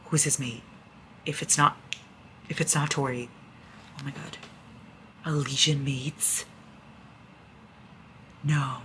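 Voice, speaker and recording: A young woman talking excitedly in a casual reading vlog, gushing and swearing as she reacts to a book. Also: sits low, measured pace, pauses often, slight background noise. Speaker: book vlogger.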